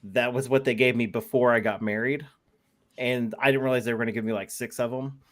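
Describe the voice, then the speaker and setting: A man speaking as a guest in a casual chat, laid-back and quick to laugh. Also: medium pitch, fairly even intonation.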